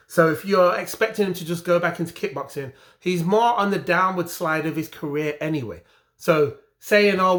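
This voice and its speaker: A man's voice: sits high, fairly bright tone. An English man ranting indignantly about a boxing result, repeating his points with emphatic frustration. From England. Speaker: boxing commentary vlogger. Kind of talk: heated opinion rant.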